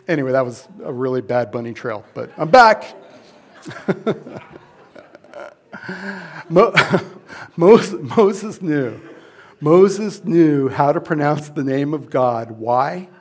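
A man preaching a sermon to his congregation, conversational and repetitive, with asides and jokes. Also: high-pitched. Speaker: pastor.

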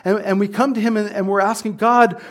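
High-voiced man preaching a casual sermon. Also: flat delivery, fast. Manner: conversational, repeats words, jokes with the congregation. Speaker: pastor.

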